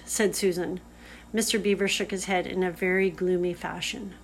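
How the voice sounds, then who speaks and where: A woman reading a children's storybook aloud in a measured, clear manner. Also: on the low side, steady tone. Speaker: audiobook reader. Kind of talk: storybook narration.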